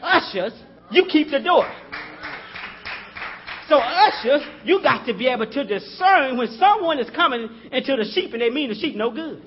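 A man's voice: extremely high pitch, expressive, moderate pace, muffled recording, slight background noise. A man preaching a sermon in a conversational style, calling out to the congregation and chuckling as he talks.

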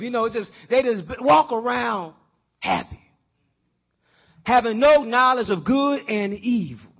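High-voiced preacher, lo-fi recording. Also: male voice, lively intonation, a little slow. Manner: repeats and restarts words, calls out to congregation; acts out quoted voices in dialogue. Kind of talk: sermon.

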